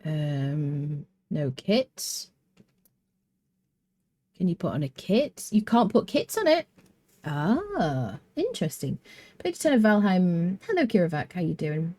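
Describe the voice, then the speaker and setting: A woman's voice: lowish voice, sing-song, slow, long pauses, warm tone, no room sound. A British woman with a mixed accent and a touch of Welsh, chatting casually while streaming a game, thinking aloud, humming and answering viewer chat. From Britain.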